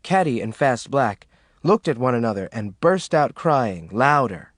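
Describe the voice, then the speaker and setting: A man narrating an audiobook with expressive scripted reading. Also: medium pitch, measured pace, no room sound, clean studio sound.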